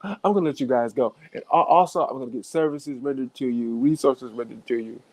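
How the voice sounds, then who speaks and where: A man playing a smug, soft-spoken male judge with a patronizing manner. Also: mid-range voice, brisk, no echo, close to an everyday voice.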